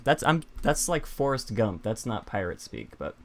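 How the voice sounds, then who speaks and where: A man's voice: mid-range voice, sing-song, moderate pace. A man hosting a casual podcast, chatting loosely and poking fun at himself as he reads out quotes. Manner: chatty, self-deprecating, reads quotes aloud. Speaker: podcast host.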